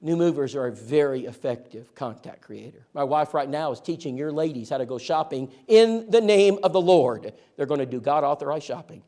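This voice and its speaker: A man speaking to a church group as an outreach trainer, with a slightly high voice. His pitch swings widely as he tells animated stories. He jokes and talks straight to his listeners. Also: brisk, few pauses. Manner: lively, joking, addresses listeners directly.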